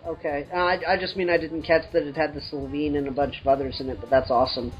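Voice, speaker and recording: A man's voice: on the high side, little pitch movement, fast talker, faint music behind. Laughing, rambling podcast host man. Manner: laughs often, rambling and joking. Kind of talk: casual chat. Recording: slightly dull lo-fi podcast audio.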